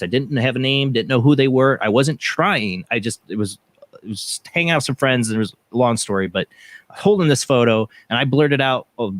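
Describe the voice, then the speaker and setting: Fast-talking male podcast host. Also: mid-range voice, dry recording. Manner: rambling, many restarts and repeated words. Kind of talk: casual radio show chat.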